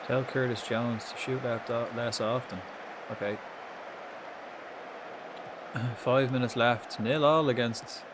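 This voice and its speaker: A man giving casual, swear-laden commentary while playing a football management game live, reacting loudly to the match. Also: medium pitch, steady tone, slow pace, long pauses, noisy background. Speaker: streamer.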